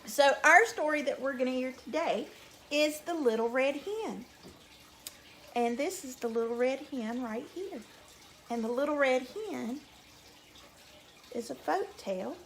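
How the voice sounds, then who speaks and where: Animated woman reading a story to kids. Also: high voice, creaky, a little hiss or hum. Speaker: teacher. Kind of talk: reading a story aloud to children.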